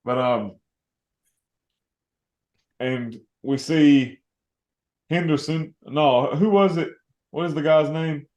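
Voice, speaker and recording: A man hosting a podcast, chatting casually about a film in a relaxed, rambling way and laughing often. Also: fairly high pitch, takes it slowly, pauses often, reverberant. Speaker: podcast host.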